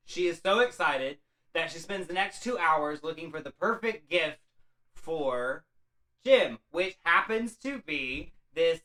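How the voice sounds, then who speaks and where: A man's voice: sits high, bright, forceful tone, low-quality recording. A man casually retelling a classic story as comedy, rambling, offhand and profane. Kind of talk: loose comic retelling of a classic.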